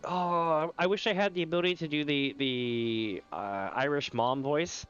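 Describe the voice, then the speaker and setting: A man's voice: fairly high pitch, unhurried, fairly bright tone, clear, resonant tone, muffled recording. Chatty man streaming a game. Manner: chatty, laughs often, addresses chat. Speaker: gaming streamer. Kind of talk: casual live-stream commentary.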